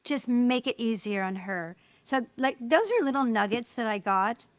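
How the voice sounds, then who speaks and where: A middle-aged woman talks as a guest in a casual interview, her voice sitting a little high. She tells stories with lively energy and slips into quoted voices as she goes. The sound is close and dry, with no room echo. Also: normal speed. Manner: animated storyteller, acts out quoted voices. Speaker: guest, filmmaker.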